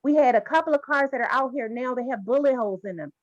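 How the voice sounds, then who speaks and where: A woman's voice: high-pitched, quick pace, no room sound. An upset, emotional woman speaking as a resident in an online community meeting over a video call. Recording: slightly dull, dry call audio.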